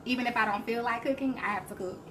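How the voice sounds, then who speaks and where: A woman's voice: on the high side, fast. A woman hosting a live cooking stream, chatting and laughing as she answers viewer comments. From Alabama, US. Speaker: cooking show host. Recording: faint background noise.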